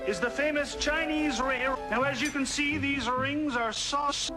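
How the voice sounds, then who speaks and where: A man's voice: very high-pitched, measured pace, loud music behind the voice, pitched above the performer's own voice. An actor playing a grandiose stage magician, speaking in theatrical showman patter.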